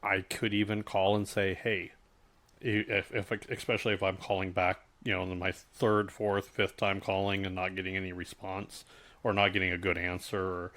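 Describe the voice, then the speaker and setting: Low-voiced man in casual chat. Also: level tone, fairly bright tone. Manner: halting, many restarts, speaks from work experience. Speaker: podcast co-host.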